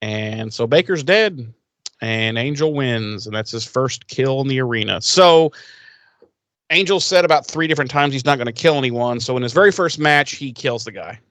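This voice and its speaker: A man's voice: mid-range voice, lively intonation, normal speed, a bit bright, no room sound. A podcast co-host man recapping a TV episode in rambling casual chat, acting out the characters' lines and swearing freely.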